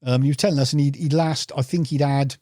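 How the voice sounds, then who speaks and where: A man's voice: medium pitch, steady tone, fast talker, dark tone, dry recording, studio quality. A man telling rambling fishing anecdotes as a podcast guest, calling the host "mate". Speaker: podcast guest, carp angler. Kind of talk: casual storytelling interview.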